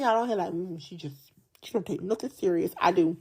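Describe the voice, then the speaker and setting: A woman's voice: fairly low pitch, fairly quick, husky. A woman hosting a Bible study podcast, preaching in a casual, chatty way with slangy speech and a joking manner. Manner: animated, jokey and chatty, often laughing.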